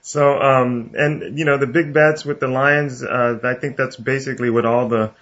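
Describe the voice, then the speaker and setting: A chatty man hosts a casual baseball talk show, laughing easily between points. His voice sits at a middle pitch. The recording is a little dull and lo-fi. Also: fairly even intonation, normal speed, a bit bright. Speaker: podcast host.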